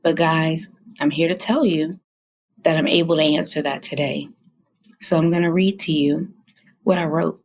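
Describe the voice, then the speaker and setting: A woman in her thirties hosts her own podcast and speaks in a low, husky voice with a gravelly edge. She talks earnestly and from the heart, fighting back tears. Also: steady tone, moderate pace, long pauses. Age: 30s. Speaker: podcast host. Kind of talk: personal confessional talk.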